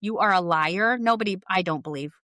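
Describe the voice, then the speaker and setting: A woman's voice: medium pitch, a little fast, pushed and bright, no room sound, clean studio sound. A woman co-hosting a podcast in casual reality TV chat, emphatic, with short agreeing replies. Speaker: podcast co-host.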